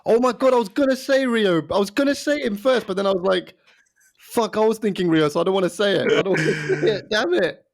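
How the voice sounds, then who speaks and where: A man co-hosting a casual podcast with his brother, excitable and quick to exclaim. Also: high-pitched, gravelly. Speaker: podcast co-host. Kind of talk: casual chat between brothers.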